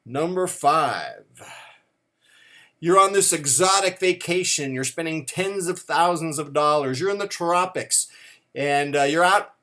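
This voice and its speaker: A middle-aged man with a slightly high-pitched voice runs through a comic countdown to camera. His delivery is playful and mock-serious. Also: a bit bright. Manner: playful, mock-serious, acts out quoted dialogue. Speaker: watch vlogger.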